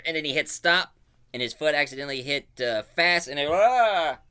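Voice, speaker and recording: A man casually retelling a cartoon plot as a reviewer, with animated storytelling full of fillers. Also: a little high, fairly quick, clean tone.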